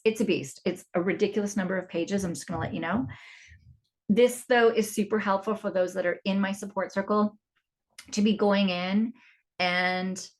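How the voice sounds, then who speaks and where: A middle-aged woman hosting a solo parenting podcast, chatty and confiding, often restarting her sentences. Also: mid-range voice. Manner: chatty, warm-hearted and confiding, with frequent restarts. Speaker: podcast host and parent coach.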